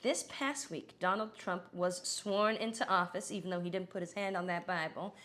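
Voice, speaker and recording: A woman's voice: lowish voice, normal speed, noisy background, close to an everyday voice. A woman impersonating a middle-aged female politician as a satirical news anchor, cackling with laughter between crude punchlines. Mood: joking.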